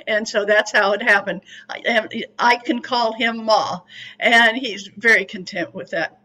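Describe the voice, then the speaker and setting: A woman in her eighties from California, a psychic medium telling her story to an audience in a chatty, animated way. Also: a little high, measured pace, poor audio. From California, USA. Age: 80s.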